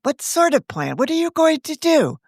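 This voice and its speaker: Earnest, polite teenage girl read by a woman, eager, slightly pleading, pitched up. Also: big pitch swings, normal speed, a little mellow, dry recording, studio quality. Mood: anxious.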